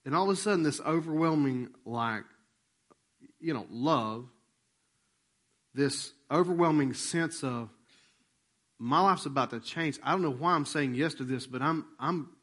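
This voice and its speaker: This preacher's voice is a little higher than most men's, and he tells his sermon story in a loose, conversational way at a measured pace with frequent pauses. Animated, he plays the people in his story, reenacting their dialogue, and nearly whispers when things turn tender.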